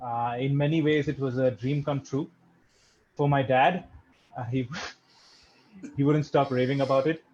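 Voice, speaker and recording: A young man from India delivers a stand-up set in a dry, self-deprecating way, often chuckling at his own lines. His voice sits at an ordinary pitch. The recording is a little dull, with a faint hiss behind it. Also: steady tone, a little slow, pauses often, darkish tone. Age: young adult. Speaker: stand-up comedian.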